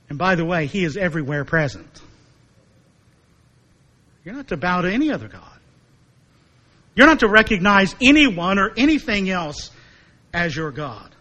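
A man preaches a sermon in a high, bright, forceful, sing-song voice, and the audio is poor. Emphatic throughout, he slows down to repeat his main points.

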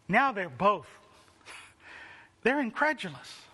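A male preacher with a very high, bright voice delivers a sermon. He leans on rhetorical questions and slows down for dramatic pauses. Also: expressive.

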